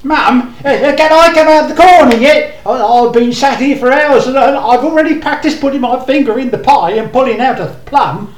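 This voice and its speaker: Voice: sits high, normal speed, hardly any pauses, close to an everyday voice. Someone doing Jack, timid stammering boy. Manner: hesitant, stammering. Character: timid young boy sent to the corner. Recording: echoey room with faint noise.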